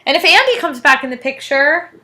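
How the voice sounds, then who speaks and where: A woman's voice: high voice, sing-song, brisk, a crowd in the background, rough recording. A young woman co-hosting a podcast, chatting casually and giggling as she recaps an episode. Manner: giggly, lots of fillers and laughs. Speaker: podcast co-host.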